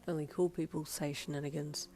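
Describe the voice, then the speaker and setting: A woman voicing a sly, teasing young man in a low, hushed tone. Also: level tone, brisk, soft background music.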